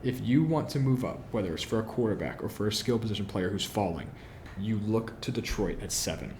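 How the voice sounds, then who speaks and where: A man's voice: fairly low pitch, animated, fairly quick, darkish tone, a little hiss or hum. A man hosting a solo football podcast, giving opinionated analysis, posing questions and answering them himself, with frequent fillers. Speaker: podcast host.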